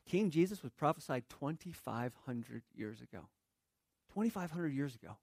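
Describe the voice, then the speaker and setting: A man's voice: mid-range voice, expressive, normal speed, gravelly, a little mellow, breathy edge, no echo. A man preaching a sermon, earnest, quoting scripture and building in intensity. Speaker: pastor.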